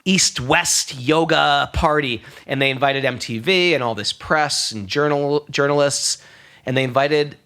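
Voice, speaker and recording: Animated New storyteller man. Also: on the high side, a little slow. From New York. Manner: animated storyteller who acts out voices. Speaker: podcast guest. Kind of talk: storytelling in conversation.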